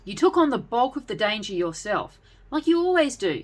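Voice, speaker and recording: Caring girl knight, high and consoling, voiced by a woman. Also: very animated, a little fast. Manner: earnest, consoling.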